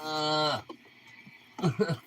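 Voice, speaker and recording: A young man at home talking to his husky dogs, mixing teasing baby talk with swearing. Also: on the high side, fairly even intonation, drawn-out words, noisy background. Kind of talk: casual talk to his pets.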